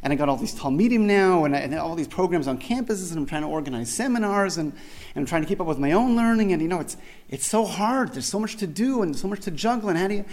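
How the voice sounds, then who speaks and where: A man's voice: high-pitched, lively intonation, fast talker, darkish tone. A man earnestly telling a personal tribute story, often restarting and repeating phrases, with many Hebrew religious terms. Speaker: speaker remembering his rabbi.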